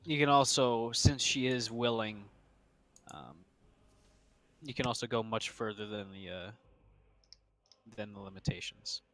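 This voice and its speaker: Male game master for a tabletop stream; unhurried, filler-heavy delivery, slightly low pitch. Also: steady tone, a bit bright, dry recording. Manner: slow, hesitant, with many fillers. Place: home streaming setup.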